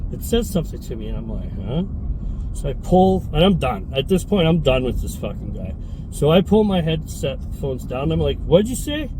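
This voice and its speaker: A man who owns a fitness studio, telling a heated, profane story in a casual, animated way. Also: mid-range voice, background noise.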